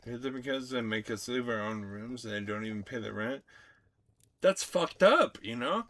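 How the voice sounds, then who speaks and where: A young man streaming, talking to his chat in an excitable, profane rant. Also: on the low side, brisk. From United States. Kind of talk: casual livestream chat.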